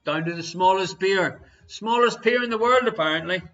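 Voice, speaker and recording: An Irish man runs a live-streamed quiz in a high, bright voice and ribs his viewers between answers. The stream audio is dull and lo-fi, with little clarity up top. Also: moderate pace, faint music behind. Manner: jokey, teasing banter with viewers. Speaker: quiz show host.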